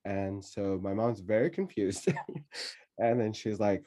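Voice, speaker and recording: A man telling a childhood story in casual conversation, laughing often and pausing with many fillers. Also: on the low side, dark tone.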